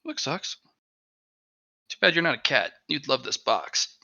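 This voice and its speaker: A man chatting casually at home on an online call, rambling and animated, talking to his dog between stories. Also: mid-range voice, unhurried, gravelly, no echo. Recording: dull, dry lo-fi mic.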